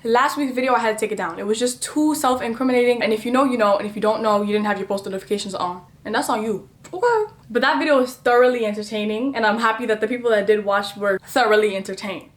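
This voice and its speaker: A young woman telling a personal story to her channel in a chatty, animated, dramatic way. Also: a little high, fast talker, few pauses. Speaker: vlogger. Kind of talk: storytime vlog.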